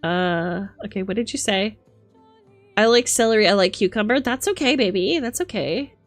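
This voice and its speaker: A young woman streamer chatting casually with her viewers, animated, laughing and swearing freely. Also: mid-range voice, normal speed, soft background music. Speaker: livestreamer.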